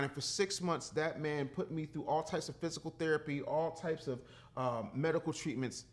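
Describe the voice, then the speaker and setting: A man's voice: fairly high pitch, moderate pace. A man in his fifties, a podcast guest and entrepreneur, talking in a blunt, emphatic, profane way with a preaching cadence. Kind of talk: casual podcast conversation.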